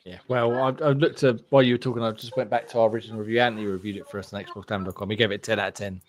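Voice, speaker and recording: Male podcast host, thirties, deeper voice, quick and blunt delivery. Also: fairly even intonation, a little hiss or hum. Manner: quick, blunt, swears casually. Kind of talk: casual podcast chat.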